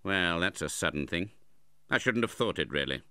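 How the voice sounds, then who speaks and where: A man's voice: low voice, lively intonation, moderate pace, sharp tone, clean tone, no room sound, studio quality, heavily acted. A man reading the part of a cold, hard-hearted middle-aged moneylender in an audiobook, speaking curtly and sternly. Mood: grudging. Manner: curt and stern.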